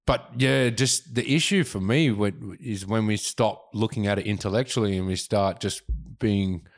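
A man with an Australian accent co-hosting a casual podcast, talking in a laid-back way with lots of fillers and pauses. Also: lowish voice. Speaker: podcast co-host.

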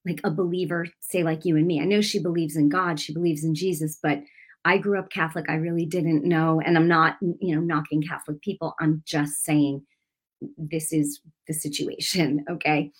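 A woman minister telling a story in a broadcast sermon, speaking in an animated, emphatic way and laughing often. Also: sits low, moderate pace, breathy edge.

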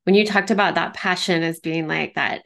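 A woman hosting a podcast interview, speaking in a gentle, affirming way. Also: on the low side, fairly even intonation, moderate pace, creaky. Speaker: podcast host. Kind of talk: casual conversational interview.

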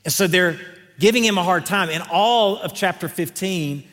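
A middle-aged pastor from North Carolina with a Southern accent, preaching a folksy, enthusiastic sermon from a church stage. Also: male voice, high voice, normal speed, fairly bright tone. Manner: folksy and enthusiastic, joking with the congregation. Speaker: guest pastor. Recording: long reverb in a large hall with a congregation.

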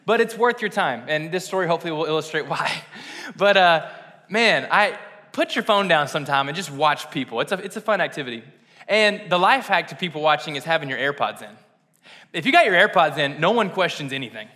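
Animated and a little fast, with a slightly high pitch and a sharp tone, the young pastor gives a conversational sermon. He's chatty and self-mocking, frequently laughing at himself, in a church sanctuary with long hall reverb.

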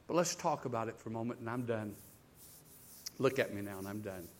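In this sermon, a male pastor with a lowish voice talks slightly fast, moving from forceful build-ups to hushed, personal stretches and repeating words as intensity rises. A faint hiss or hum sits under the recording.

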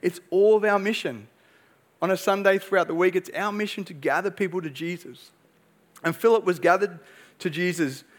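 A man's voice: sits high, normal speed. A young man preaching a sermon as pastor, earnest and emphatic, pressing his points with rhetorical questions.

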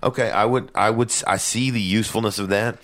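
A man in his forties hosts a loose podcast conversation. His voice sits very low. He talks with animated energy, swears freely, and slips into rowdy voices to act out party stories. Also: fast talker. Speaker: podcast host. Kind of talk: casual chat.

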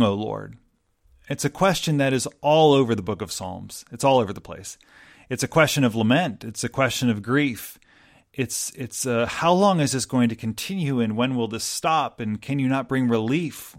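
Gravelly-voiced man preaching gently. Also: mid-range voice. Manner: reflective, gentle, with pauses and restarts. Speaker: pastor. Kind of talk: sermon.

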